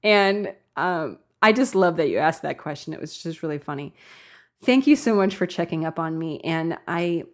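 A woman's voice: low voice, expressive, moderate pace. A woman hosting a podcast in a bubbly, chatty way, often breaking into laughter. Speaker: podcast host. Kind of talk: casual chat.

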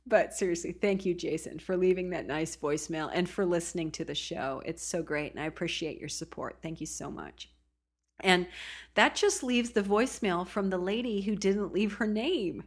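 Woman, from the Oregon coast, podcast host, casual chatty talk, low-ish pitch. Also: moderate pace. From Oregon coast, USA. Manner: chatty, laughs often, animated quoting.

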